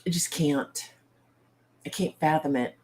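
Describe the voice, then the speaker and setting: A woman's voice: deep voice, unhurried, darkish tone. A woman hosting a casual livestream from home, talking bluntly with exasperated, salty humor to her viewers. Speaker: livestream host.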